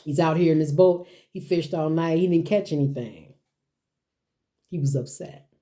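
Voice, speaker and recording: A woman delivering a motivational sermon, her voice mellow and a little low. She drives points home with rhetorical questions and repetition, in folksy everyday phrasing. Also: normal speed. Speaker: speaker. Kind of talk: motivational sermon-style talk.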